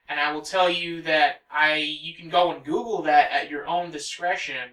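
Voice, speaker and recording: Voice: medium pitch, sharp tone, echoey room, recorded from a distance, rough recording. A let's play host in their thirties, chatting casually over gameplay and wandering off on rambling tangents.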